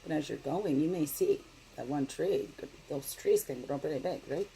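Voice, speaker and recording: A middle-aged woman giving a casual daily spiritual card reading, talking in a gentle, meandering way and often asking "right?". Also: sits low, animated, moderate pace, a little hiss or hum, rough recording.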